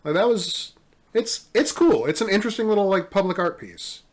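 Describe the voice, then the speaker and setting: A man's voice: high voice, lively intonation, normal speed. Wry, amused man in casual chat. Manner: amused, wry, often laughing. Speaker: podcast co-host. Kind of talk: casual chat, reading memes aloud.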